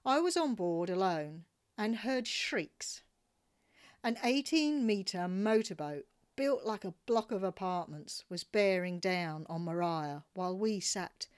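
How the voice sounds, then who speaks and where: Woman reading her sailing travel story, slow and wry, lots of expression. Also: mid-range voice. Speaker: narrator. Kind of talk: reading a travel memoir aloud.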